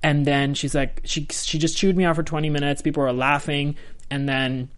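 Chatty young man, slightly high voice. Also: little pitch movement, moderate pace. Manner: chatty, full of "like" and restarts, laughs through. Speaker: guest. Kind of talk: casual storytelling.

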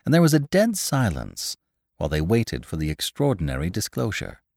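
A man narrating a classic story in an expressive, scripted reading. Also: lowish voice, normal speed, gravelly, dry recording, studio quality. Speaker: podcast narrator.

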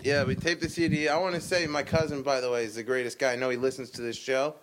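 A man's voice: medium pitch, fairly even intonation, fast, fairly bright tone. A man, a comedian and producer, chatting on a podcast and rambling through a story. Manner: rambling storyteller, frequent restarts. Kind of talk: casual podcast chat.

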